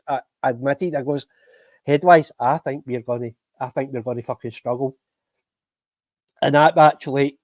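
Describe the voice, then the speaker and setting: A man's voice: mid-range voice, a little mellow, dry recording. A Scottish man hosting a football fan podcast live stream, ranting angrily with lots of swearing and bitter laughs.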